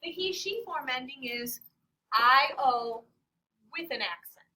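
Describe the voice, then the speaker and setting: Lively high-voiced woman teaching a class. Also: takes it slowly. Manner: playful, animated, quizzes the class. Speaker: Spanish teacher. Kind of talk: classroom lesson. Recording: distant classroom mic.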